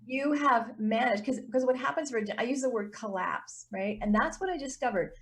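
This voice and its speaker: A woman's voice: a little high, moderate pace, a bit bright. A woman business coach as an interview guest, talking casually and animatedly and acting out little voices and reactions.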